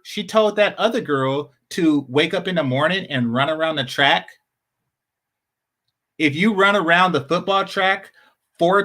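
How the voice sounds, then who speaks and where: Sarcastic man, high and animated. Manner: sarcastic, repeats points for emphasis. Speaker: commentary channel host. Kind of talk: casual video commentary.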